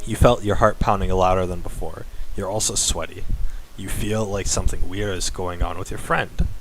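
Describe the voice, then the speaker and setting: Low-voiced man mocking a story. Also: steady tone, normal speed, noisy background. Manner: mocking, laughing asides. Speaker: streamer. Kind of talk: reading fan fiction aloud with commentary. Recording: background music.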